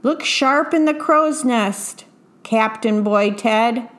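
A woman's voice: fairly high pitch, slow, fairly bright tone. A woman voicing a bold, bossy young boy pirate captain in a read-aloud picture book, with cheerful commanding calls.

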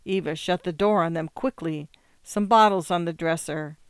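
A woman narrating a story in a steady, measured reading voice. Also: on the low side, clear, resonant tone, no echo, clean studio sound. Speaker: audiobook narrator.

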